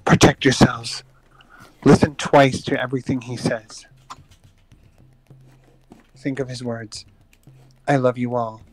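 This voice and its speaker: A man voicing Holly, a gentle, caring female spirit who speaks in soft, earnest pleas. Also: medium pitch, little pitch movement, takes it slowly, long pauses, poor audio. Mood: tender.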